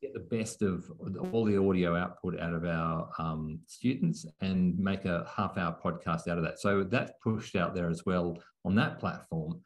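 Aussie guy with a lisp, low voice, chatty and kinda rambling. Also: normal speed, few pauses. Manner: relaxed, with frequent restarts and fillers. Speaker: journalism lecturer. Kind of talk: conversational interview answers.

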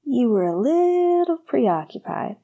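A woman voicing a playful, teasing young man in a soft, husky way in an audiobook reading. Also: high-pitched, sing-song, slow pace, muffled recording, pitched above the performer's own voice, heavily acted.

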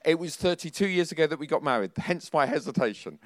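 A man's voice: fairly high pitch, lively intonation, quick pace, slight background noise. A man in his fifties preaching a sermon, telling personal stories in a chatty, self-deprecating way with nervous laughs.

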